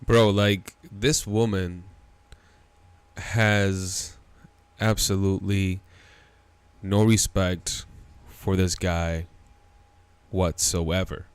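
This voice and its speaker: A man's voice: deep voice, level tone, extremely slow, long pauses, smooth, no echo. A man hosting a reaction show, giving blunt, incredulous commentary on a played clip.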